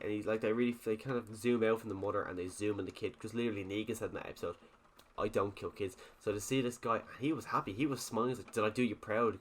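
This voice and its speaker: A man's voice: fairly low pitch, a bit bright, slight background noise. A young man with an Irish accent rambling through a casual recap of a TV episode, often restarting sentences and quoting characters. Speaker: TV review vlogger.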